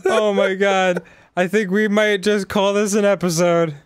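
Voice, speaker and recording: A man's voice: high voice, little pitch movement, unhurried, background noise. A young man giving casual gameplay commentary with dry, amused asides. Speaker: show co-host.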